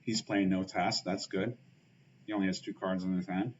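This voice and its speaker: A man's voice: sits low, little pitch movement, normal speed, darkish tone. A man streaming a card game, thinking aloud in casual commentary with lots of fillers and muttered asides. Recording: dull lo-fi stream audio with faint hiss.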